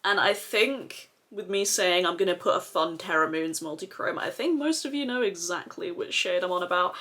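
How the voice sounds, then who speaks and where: A woman's voice: on the low side, normal speed, hardly any pauses, sharp tone. A woman chatting casually while doing her makeup, swearing freely and filling her talk with "like". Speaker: makeup vlogger.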